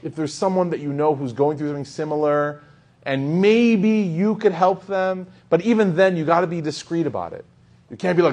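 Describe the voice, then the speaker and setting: A man giving a casual sermon to a live audience, talking in a relaxed, conversational way, repeating lines for emphasis, often asking "right?" and quoting Arabic scripture. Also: fairly high pitch, moderate pace. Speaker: Islamic preacher.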